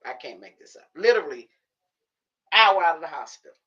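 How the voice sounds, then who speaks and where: A woman livestreaming from her home office, telling a story to her viewers in a casual, animated way, acting out the conversations. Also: low-pitched, a little fast, breathy edge, lo-fi sound. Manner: animated, acts out conversations, talks to herself. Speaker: livestream host.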